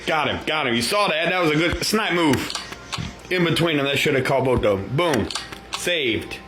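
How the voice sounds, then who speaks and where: A man's voice: a little high, lively intonation, normal speed, noisy background. A man doing a rambling comic rant full of incredulous rhetorical questions. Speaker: comedian.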